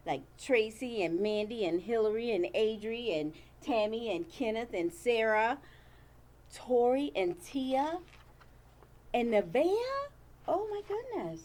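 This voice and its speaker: A teacher reading a picture book aloud to young children, using a sing-song, playful delivery and stopping to ask them questions. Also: female voice, a little high.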